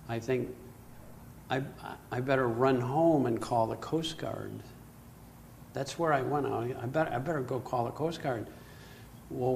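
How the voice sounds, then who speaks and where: An older man telling a personal story in an animated way, acting out his own panic. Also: mid-range voice, gravelly, a little hiss or hum. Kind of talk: storytelling talk.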